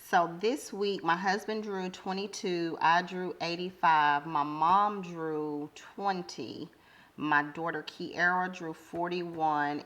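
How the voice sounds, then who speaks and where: A woman vlogger chatting casually as she counts out cash, hesitant and full of fillers and self-corrections. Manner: counts money aloud in a low murmur. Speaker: budgeting vlogger. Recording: steady background noise.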